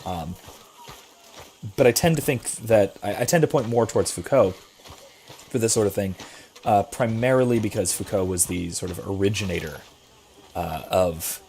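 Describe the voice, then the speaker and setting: A man's voice: lowish voice, normal speed, vocal fry, pauses often, darkish tone, slight background noise. A man who is a philosophy professor, chatting casually and hesitantly while playing a game. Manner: rambling, hesitant, thoughtful. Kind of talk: casual chat while gaming.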